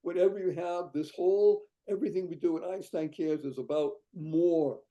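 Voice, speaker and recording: A man's voice: on the high side, steady tone, moderate pace, lo-fi sound. A man from Boston, a guest on an interview show, talking up his fundraising idea with exuberant, salesy enthusiasm and frequent laughs. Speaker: guest, founder of a charity fundraising site.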